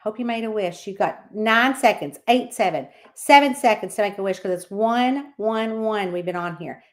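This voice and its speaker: A woman's voice: medium pitch, normal speed. A woman hosting a casual livestream, chatting and reading out viewer comments by name. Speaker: livestream host.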